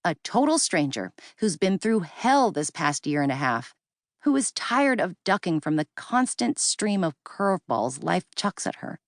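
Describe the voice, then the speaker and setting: A woman's voice: fairly low pitch, very animated, measured pace, dry recording, studio quality. A woman narrating a first-person audiobook in a feisty, indignant manner.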